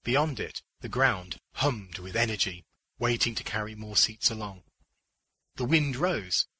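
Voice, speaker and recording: A man narrating a short story in a measured, deliberate audiobook reading on a close mic. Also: fairly low pitch, bright, forceful tone, breathy edge, no echo, poor audio. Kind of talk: scripted audiobook narration of fiction.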